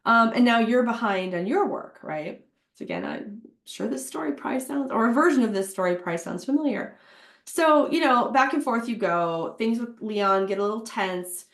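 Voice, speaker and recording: A woman's voice: medium pitch, echoey room. A woman giving a casual business workshop talk, chatty, with many fillers and acted-out quotes. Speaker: HR workshop presenter. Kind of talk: casual webinar presentation.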